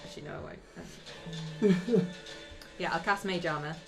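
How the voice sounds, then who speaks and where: Low-voiced woman thinking aloud at a game. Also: sing-song, measured pace, creaky. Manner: hesitant, thinks aloud with many "like"s and "um"s. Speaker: player. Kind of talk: casual game talk. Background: music playing in the background.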